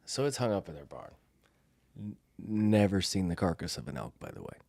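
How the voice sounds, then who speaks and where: A man's voice: sits low, moderate pace, gravelly, no room sound. A middle-aged man from the United States, co-hosting a podcast and telling a story in casual chat, acting out the voices of the people in it. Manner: animated storyteller, acts out quotes. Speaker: podcast co-host.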